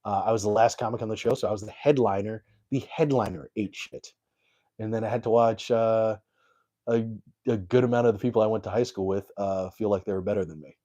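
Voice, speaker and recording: Rambling, self-deprecating young comedian with a low, mellow voice. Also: male voice, fairly quick. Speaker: comedian and live streamer. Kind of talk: casual live stream storytelling.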